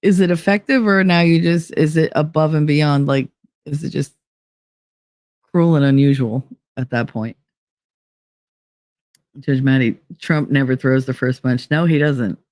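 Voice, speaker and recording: A host from the UK, chatting casually and reading out live comments, with animated, sarcastic asides. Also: mid-range voice, a little slow, long pauses, no room sound, studio quality. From United Kingdom. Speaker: livestream podcast host.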